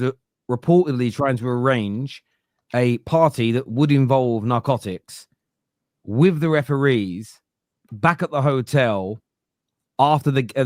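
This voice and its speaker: A man leads a casual football chat, winding through his points with an animated, rambling delivery. His voice sits at an ordinary pitch. The sound is dry and close, with no room behind it. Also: dry recording. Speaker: podcast host.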